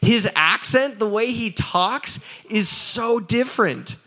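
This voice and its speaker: A man preaching a sermon as pastor, energetic and chatty, asking the crowd for answers and often adding "right?". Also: high-pitched, slow pace. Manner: laughs often, repeats "right?".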